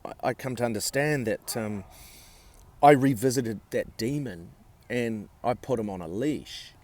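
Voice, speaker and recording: A man vlogging, telling a personal story in a blunt, sweary way with halting restarts. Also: medium pitch, darkish tone.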